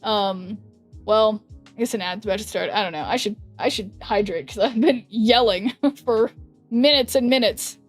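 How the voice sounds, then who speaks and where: A woman's voice: mid-range voice, normal speed, soft background music. A young woman streaming from her room, chatting casually and rambling with many fillers and frequent laughs. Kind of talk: casual livestream chat. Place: her hot bedroom with a fan blowing.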